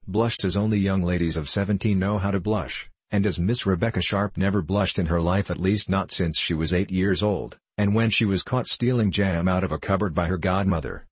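A man narrates a classic novel in a measured, wry manner. His voice is low and husky. The recording is close and dry. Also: no echo. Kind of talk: audiobook reading of a classic novel.

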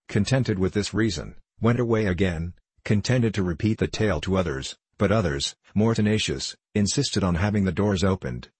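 A man narrating a classic novel as an audiobook in a measured, even reading. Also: low voice, slightly rough, no echo.

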